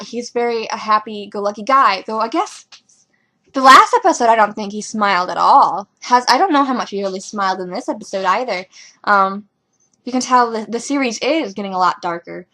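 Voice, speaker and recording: A young woman talking casually as a fan reviewing a TV episode, rambling and excitable with lots of ums and likes. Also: medium pitch, fairly quick. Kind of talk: casual fan reaction commentary.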